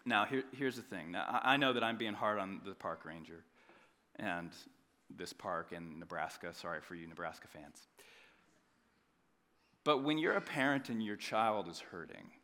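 Pastor, male, 30s, bright forceful tone, storytelling sermon with jokes and big swings in volume. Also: sits low, normal speed. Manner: animated, joking, swings between loud emphasis and quiet asides.

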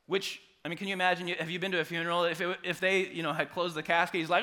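Man, pastor, sermon, dynamic delivery, bright tone, slightly high pitch. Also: level tone, very fast, few pauses. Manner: dynamic preaching, drops to soft quiet passages and rises to loud acted quotes.

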